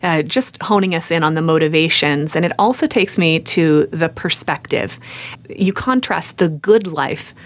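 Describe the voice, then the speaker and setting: A woman's voice: low voice, moderate pace. A woman hosting a faith interview, musing aloud in a thoughtful way as she asks questions.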